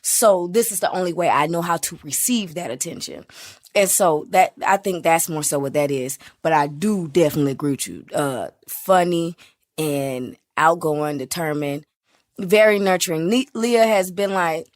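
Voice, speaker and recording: A young woman with a Southern US accent, telling family stories in an animated, laughing way. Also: low-pitched, moderate pace. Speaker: interviewee, victim's aunt. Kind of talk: casual storytelling.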